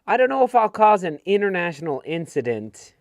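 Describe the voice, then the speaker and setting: A man's voice: high voice, very animated, a little fast, no room sound. A middle-aged American man co-hosting a football fan show, chatting casually and laughing often over a video call. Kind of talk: casual chat.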